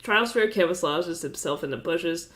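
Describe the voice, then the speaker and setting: A congested woman with a slightly low voice reads game events out one after another on a casual live stream. She drops offhand, amused asides between the lines and laughs often. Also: lively intonation, normal speed, fairly bright tone.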